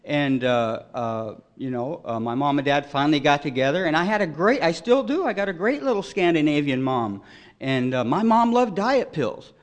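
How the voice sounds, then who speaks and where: A man's voice: fairly high pitch, expressive, normal speed. Rambling, wry middle-aged man telling his story. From Detroit, raised in California. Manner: rambling with many "you know"s; wry, self-deprecating humor. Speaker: recovering alcoholic sharing his story. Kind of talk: AA share, storytelling.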